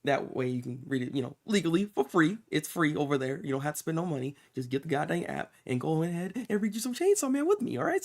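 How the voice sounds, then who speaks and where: A man streaming a live reaction to a new comic chapter, excitable and exclamatory, with casual swearing and lots of restarts. He is recording in an untreated room with some echo. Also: fairly high pitch, brisk, creaky.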